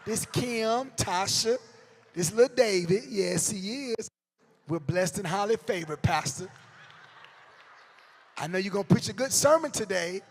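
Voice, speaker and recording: A man, telling comedic stories to educators in an animated way, with bursts of shouting and acted-out quotes. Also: high-pitched, a little slow, long pauses, in a large hall. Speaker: motivational comedic speaker. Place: large hall before a live audience.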